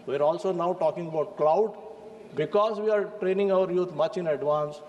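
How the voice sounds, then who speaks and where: A man's voice: high voice, moderate pace, a little mellow, long reverb tail, muffled recording. A man with an Indian English accent giving an emphatic parliamentary speech, repeatedly addressing the chair as sir. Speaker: member of parliament. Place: large debating chamber.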